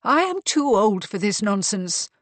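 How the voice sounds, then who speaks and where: A woman's voice: mid-range voice, very animated, unhurried, a bit bright, dry recording, voice pushed up. Imperious older widow, read by a woman, clipped and commanding, close dry sound. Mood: weary. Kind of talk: audiobook character reading.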